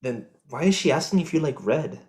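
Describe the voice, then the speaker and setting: Brief: young man as an enraged eighteen-year-old son, profane, his pitch swinging widely, Spanish words mixed in. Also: animated, fairly quick, a little mellow, natural voice. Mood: accusing. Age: young adult. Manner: swearing, accusing, slips into Spanish words. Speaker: stage actor. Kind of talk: live student stage drama. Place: theatre stage.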